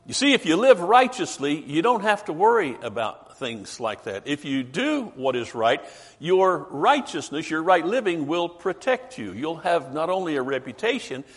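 A man preaching a sermon emphatically, asking rhetorical questions and slowing down for stress. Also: on the high side, big pitch swings, slightly rough.

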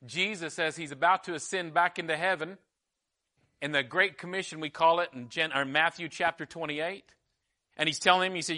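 A middle-aged man preaching a sermon, acting out quoted dialogue and swinging from loud preaching to hushed intensity. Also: a little high, normal speed. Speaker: pastor.

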